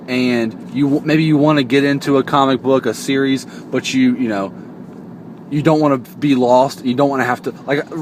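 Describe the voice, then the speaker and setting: A young man vlogging from behind the wheel, chatting casually and joking, into a phone stuck to the car window. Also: mid-range voice. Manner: rambling, joking, self-interrupting. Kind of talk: casual chat to camera. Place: inside a car, driving. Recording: road noise inside a car.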